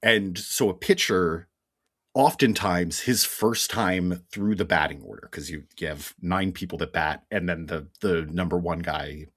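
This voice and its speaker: A man with a Philadelphia accent co-hosting a podcast, recapping comics in a wry, deadpan way and explaining things through sports metaphors. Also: low voice, a little slow, husky, no room sound, studio quality. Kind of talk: casual chat recap.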